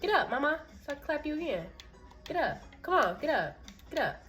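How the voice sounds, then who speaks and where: A young woman gaming and chatting casually, loud and playful with teasing trash talk and giggles. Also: high-pitched, very animated, a little fast, soft background music. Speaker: gamer. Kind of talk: casual gameplay chat.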